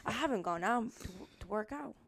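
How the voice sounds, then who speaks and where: Gravelly young woman joking around. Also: fairly high pitch, animated, fairly quick, crowd noise. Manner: playful, jokey, laughs often. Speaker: podcast co-host. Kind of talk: casual chat.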